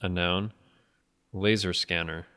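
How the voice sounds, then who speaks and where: A man co-hosting a podcast, laid-back and quick to laugh in casual chat. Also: sits low, steady tone, sharp tone, clean tone. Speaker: podcast co-host.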